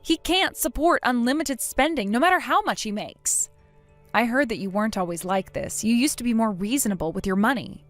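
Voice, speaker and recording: Woman doing a stern wronged woman telling someone off, lots of up and down in her voice, kinda high. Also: animated, a little fast, soft background music, lightly acted. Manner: cold, scolding. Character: stern wronged young woman refusing forgiveness. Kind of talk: scripted drama voice acting.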